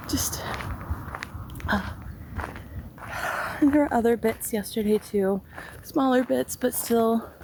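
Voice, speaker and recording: A young woman vlogger telling an emotional personal story, slow and halting, her voice tearful at times. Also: a little high, background noise.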